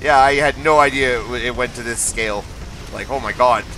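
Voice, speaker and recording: A man streaming live gameplay, excitable, laughing often and trash-talking the enemies on screen. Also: medium pitch, a little fast, background noise. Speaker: game streamer.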